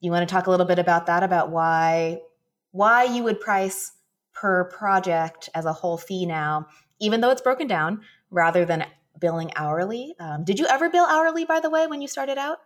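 Lower-pitched woman co-hosting a podcast. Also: moderate pace. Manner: anecdotal, laughs while telling stories. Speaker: podcast co-host. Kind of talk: casual chat, storytelling.

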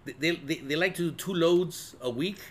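A man's voice: on the high side, moderate pace. Profane rambling middle-aged man telling a story. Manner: profane, rambling, animated storyteller who keeps saying "dude". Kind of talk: casual chat, storytelling.

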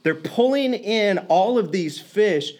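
A man's voice: sits high, slow. A man preaching a conversational sermon, retelling a story with restarts and acting out the characters' lines. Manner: animated, acts out quoted lines, many restarts.

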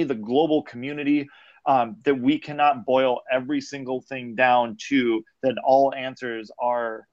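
A man's voice: medium pitch, dull audio. A man co-hosting a discussion podcast, speaking reflectively with hesitant restarts. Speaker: podcast co-host. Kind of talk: casual discussion.

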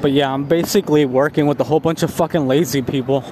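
A man's voice: fairly high pitch, steady tone, fast talker, background noise. A man in a casual vlog, ranting about lazy coworkers with heavy swearing and frustrated storytelling. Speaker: vlogger.

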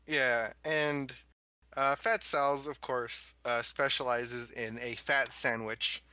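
A young man chatting casually as a podcast co-host, laid-back with lots of fillers and quick bursts of speech. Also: mid-range voice, steady tone, sharp tone, smooth, low-quality recording. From Los Angeles area. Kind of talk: casual chat.

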